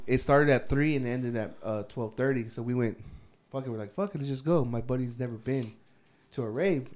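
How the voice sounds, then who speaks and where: A man's voice: medium pitch, darkish tone. A young man in casual chat with friends, telling a rambling, profanity-filled story and laughing as he goes. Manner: rambling, swears a lot, laughs through his story.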